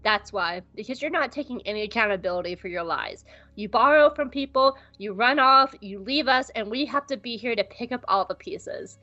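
A woman's voice: on the high side, expressive, normal speed, pushed and bright. A woman voicing an angry, fed-up young woman who scolds bluntly and swears, on a dull lo-fi recording.

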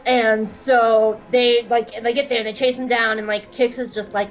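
A woman's voice: on the high side, animated, normal speed, hardly any pauses, dull audio. A woman giving a rambling, giggly comic recap, swearing freely and acting out characters' lines as she goes. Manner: rambling, giggly, profane storytelling. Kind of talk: comedic recap with quoted character voices.

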